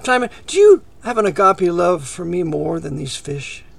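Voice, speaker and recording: A man preaching a sermon, reading scripture aloud and paraphrasing it in casual speech, swinging from emphatic peaks to hushed asides. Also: high voice, expressive, normal speed, vocal fry. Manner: rises to emphatic peaks, drops to near-whisper asides; reads scripture in old English, then paraphrases conversationally. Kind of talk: expository sermon.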